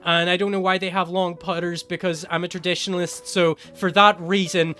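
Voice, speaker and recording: A man's voice: high-pitched, level tone, fairly quick, sharp tone, soft background music. A man doing an impression of a rambling older male politician, meandering and self-assured.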